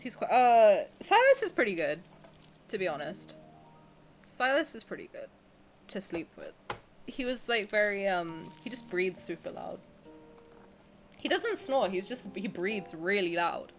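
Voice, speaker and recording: A woman's voice: fairly high pitch, very animated, measured pace, fairly bright tone, faint music behind. A young woman streamer chatting casually and candidly while she plays a game, joking and swearing freely. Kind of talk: casual live-stream chat while gaming.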